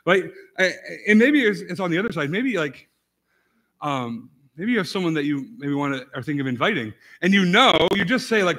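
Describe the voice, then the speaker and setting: A man preaching a casual, conversational sermon as pastor, rambling with many restarts and swinging from quiet asides to sudden loud emphasis. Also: on the high side, animated, a little fast. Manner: rambling, repeats words and restarts often, fillers like "like" and "right?".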